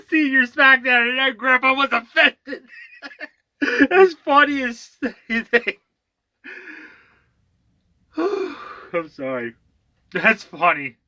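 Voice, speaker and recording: A woman's voice: sits high, sing-song, drawn-out words, pauses often, sharp tone. A woman co-hosting a reaction video, chiming in with short reactions and giggles. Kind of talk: casual reaction chat.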